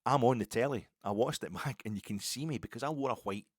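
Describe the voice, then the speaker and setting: A man's voice: medium pitch, fast, slightly rough, no echo, clean studio sound. An older Scottish man hosting a podcast, telling a self-deprecating story in a rambling, casual way with many restarts. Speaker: podcast host.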